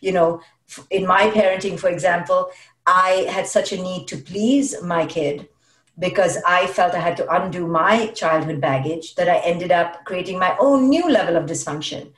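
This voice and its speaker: A woman's voice: on the low side, moderate pace, recorded from a distance. Emphatic woman speaking from off-mic. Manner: emphatic, repeats words for stress. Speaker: guest speaking on parenting. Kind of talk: conversational podcast talk. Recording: roomy sound, voice off-mic.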